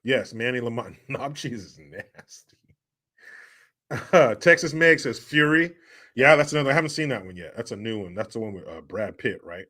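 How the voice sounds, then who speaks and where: Man, casual livestream host, loose and joking, reads chat, mid pitch. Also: expressive, moderate pace, bright, forceful tone.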